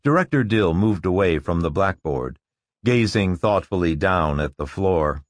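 A male narrator reads a story in an unhurried, measured way. His pitch moves freely through each sentence, and the sound is close and dry. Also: animated, dry recording. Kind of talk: audiobook narration.

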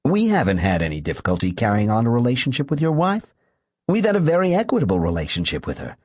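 A man reading the part of a polite, deliberate man trying to calm a hospital patient. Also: medium pitch, breathy edge. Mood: placating. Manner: deliberate and placating.

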